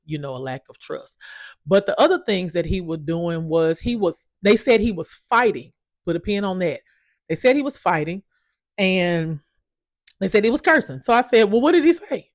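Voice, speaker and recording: A woman in her thirties casually telling her own story as a parent, animated and emphatic, swearing freely. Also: sits low, dry recording, clean studio sound.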